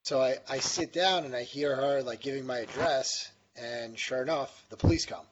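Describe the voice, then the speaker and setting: A man's voice: mid-range voice, normal speed. Man telling a rambling story, lo-fi. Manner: rambling, with frequent restarts and quoted dialogue. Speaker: interview guest. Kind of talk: telling a personal story in a casual interview. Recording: slightly dull, lo-fi sound with faint background noise.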